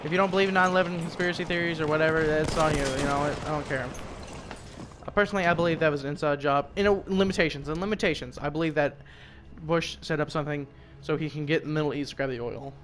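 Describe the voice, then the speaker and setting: A fast-talking young man from the United States, his voice on the high side and steady in tone, provides rambling, profane game commentary full of asides and topic jumps. He's a gaming commentator, and the noisy background carries game music and gunfire.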